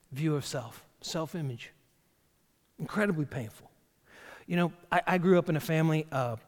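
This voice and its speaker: A man, the pastor, preaching a sermon in an animated way, often repeating phrases and stumbling on the starts of words. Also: fairly high pitch. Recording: church hall with long reverb.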